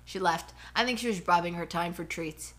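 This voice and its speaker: In her home living room, a woman co-hosting a casual podcast rants animatedly about her day and her dogs. Her voice is lowish and fairly bright, at a normal speed.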